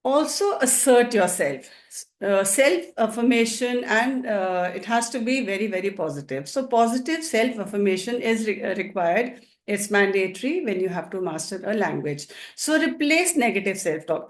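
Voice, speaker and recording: A woman whose first language is Hindi gives an encouraging spoken-English lesson at a mid pitch. She repeats words and pauses often on fillers as she explains. Her voice echoes around the room. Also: lively intonation. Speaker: English teacher.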